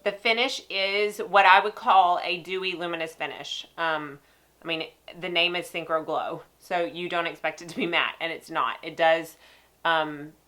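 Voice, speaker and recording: Speaking at a normal speed with a fairly low pitch and fairly even intonation, this woman has a sharp, nasal tone from a stuffy, cold-blocked nose. As a makeup vlogger, she casually reviews and demos products while chatting straight to viewers.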